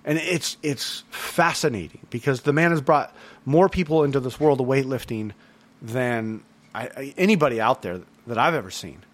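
A man's voice: mid-range voice, normal speed. A man hosting a solo podcast recap, talking in an earnest, rambling way with lots of fillers and restarts. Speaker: podcast host.

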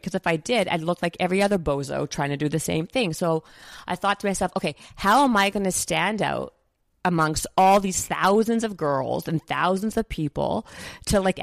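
A Canadian woman in her forties telling an animated personal story as an interview guest, full of fillers and acted-out quotes. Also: fairly low pitch, a little fast, gravelly, no echo.

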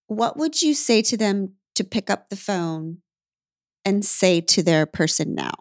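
A woman's voice: mid-range voice, expressive, measured pace, no room sound, clean studio sound. A woman podcast host asking rambling, searching questions and thinking aloud in conversation.

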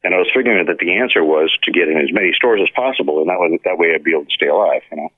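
A man's voice: sits low, rapid-fire, no room sound. A man telling stories as an interview guest, acting out the voices of people in his stories. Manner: animated storyteller who acts out quoted dialogue. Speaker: guest, effects pedal maker. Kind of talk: casual storytelling interview. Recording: tinny phone-line sound.

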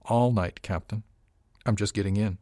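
A man's voice: on the low side, normal speed, mellow, dry recording, studio quality, close to an everyday voice. A man voicing an irreverent young woman crew member who banters with her captain, in an audiobook. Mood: cheeky. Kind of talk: audiobook character reading.

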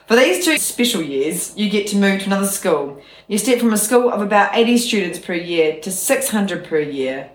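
A woman hosting a podcast, reading a memoir aloud in a steady voice and breaking off now and then for chatty asides. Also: medium pitch, moderate pace, reverberant.

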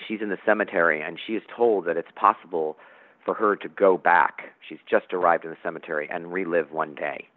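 Halting deep-voiced man on a phone line. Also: no echo. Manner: halting, with many ums. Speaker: guest writer. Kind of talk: reading aloud from a play.

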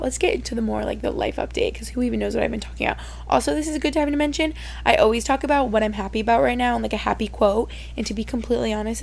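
A woman's voice: fairly high pitch, gravelly. A young woman hosting her podcast in casual solo chat, rambling with lots of "like" and openly emotional. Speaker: podcast host.

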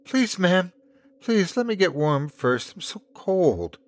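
A man's voice: high-pitched, big pitch swings, slow pace, dry recording, voice pushed up, exaggerated voice. A man voicing a frightened, bloodied little girl who speaks sweetly and delicately, shivering from the cold. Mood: pleading. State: teeth chattering from cold.

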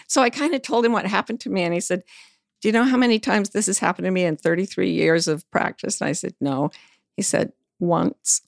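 A middle-aged woman appears as an interview guest, sharing personal stories candidly and frankly, with occasional swearing. Her mid-range voice is animated and creaky at normal speed, recorded cleanly in a studio with no room sound.

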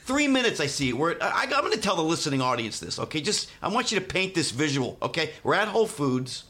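A middle-aged man telling an exasperated comic story, yelling and laughing as he goes. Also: on the high side, big pitch swings, fast talker. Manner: exasperated, yells and laughs through his story. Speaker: podcast guest. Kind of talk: comedic storytelling rant.

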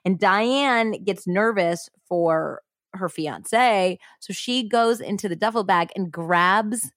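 A woman hosts a podcast, recounting a true-crime story in a casual, chatty way, saying "like" often and swearing bluntly. Her medium-pitched voice is slow and fairly bright, recorded studio-clean with no echo.

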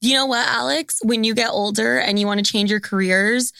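A woman's voice: fairly high pitch, fairly even intonation, brisk, creaky, sharp tone, no room sound, studio quality. A young woman hosting a podcast, chatting in a blunt, profane and teasing way. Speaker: podcast host. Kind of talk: casual podcast chat.

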